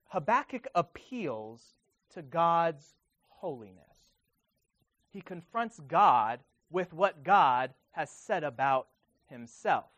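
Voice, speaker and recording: Male preacher, higher-pitched voice, earnest delivery, reads scripture with building emphasis, close dry sound. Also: no room sound. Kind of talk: sermon.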